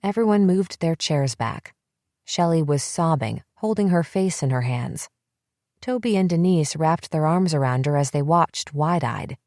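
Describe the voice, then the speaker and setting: A woman reading a psychological thriller audiobook in steady, measured first-person narration. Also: sits low, no echo, studio quality.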